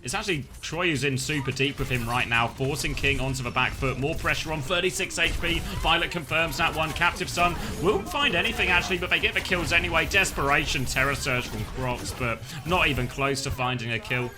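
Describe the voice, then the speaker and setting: A man doing quick play-by-play for a live esports match, laughing easily with his co-caster. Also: a little high, music in the background.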